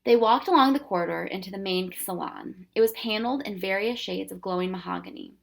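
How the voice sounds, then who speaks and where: A woman reading a children's novel aloud with steady, expressive storytelling. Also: medium pitch, creaky. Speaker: storybook reader.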